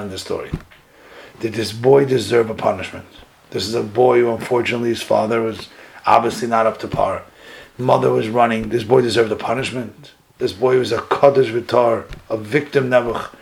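A man giving a sermon as a rabbi, retelling a story dramatically, his voice jumping higher at key moments. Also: creaky, low-quality recording.

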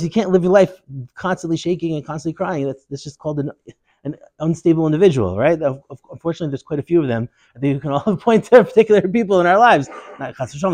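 A man giving a Torah lesson, a digressive and animated storyteller. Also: fairly high pitch, no echo. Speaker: Torah teacher.

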